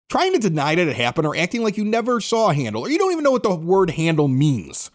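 A man hosting a podcast, telling stories in an excitable, animated way and acting out both sides of conversations. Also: sits high, quick pace, few pauses. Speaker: podcast host. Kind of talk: casual storytelling chat.

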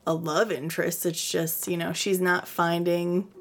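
Gravelly-voiced chatty woman. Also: fairly low pitch, little pitch movement, unhurried. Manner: chatty, laughs often, trails off mid-sentence. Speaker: podcast co-host. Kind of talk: casual book chat.

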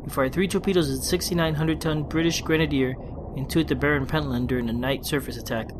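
Steady in tone and on the high side, this man's voice comes through a noisy background as he hosts a solo gaming podcast. After casual, conversational talk with quick restarts, he reads a war story session report aloud plainly, without accents.

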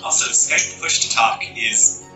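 A man, a tabletop game player, chatting in a lively, amused way about his own connection trouble on a voice call. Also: fairly low pitch, measured pace, over music. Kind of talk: casual chat on a voice call. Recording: echoey, distant voice call.

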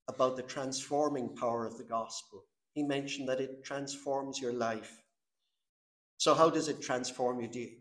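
A man preaching a sermon in an earnest, emphatic way, often repeating words as he builds his points. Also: medium pitch. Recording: echoey room.

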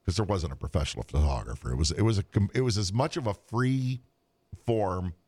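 A man in a casual podcast chat, telling a long story in an animated way, with restarts and trailing asides. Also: sits low, a little fast, slightly rough, no room sound.

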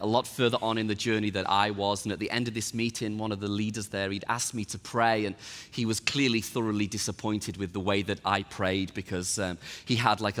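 A middle-aged pastor sharing a personal testimony in an emotional voice that rises high and tearful. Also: male voice, a bit bright. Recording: long reverb with faint music.

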